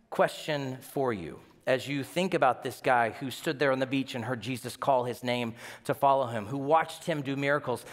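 Animated man preaching, reverberant hall. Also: on the high side. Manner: animated storytelling, acting out quotes. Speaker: senior pastor. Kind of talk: sermon. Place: church sanctuary.

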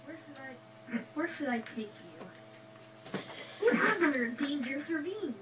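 A woman's voice: high voice, expressive, moderate pace, very noisy. A woman taking part in a casual game role-play, speaking in a dry, matter-of-fact, teasing way.

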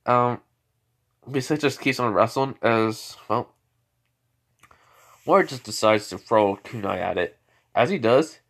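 A man's voice: mid-range voice, a little slow, long pauses, fairly bright tone. A man casually retelling a fan-made story, rambling with many fillers and self-corrections.

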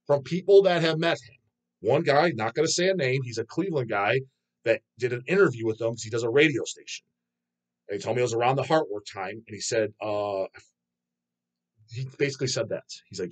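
A man's voice: mid-range voice, fairly bright tone. Profane rambling man chatting with viewers. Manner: profane, rambling, laughs often. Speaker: channel host reading viewer comments. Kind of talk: casual chat.

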